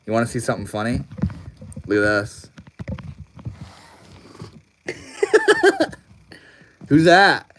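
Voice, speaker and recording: A man's voice: medium pitch, huge pitch swings, takes it slowly, long pauses, a bit bright, a little hiss or hum. A young man hosting a casual livestream, talking loosely with lots of slang and swearing and laughing often. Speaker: livestream host.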